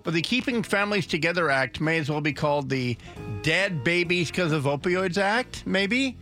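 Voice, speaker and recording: A man hosting a talk radio show who rambles in opinionated banter, halting and restarting often. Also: a little high, sharp tone, faint music behind.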